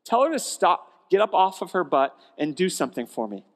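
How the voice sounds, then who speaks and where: Male pastor doing a frazzled, exasperated hostess, high and loud, ringing hall. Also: very animated, brisk. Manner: shrill complaining rant. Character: overwhelmed exasperated woman host, adult. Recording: long church hall reverb.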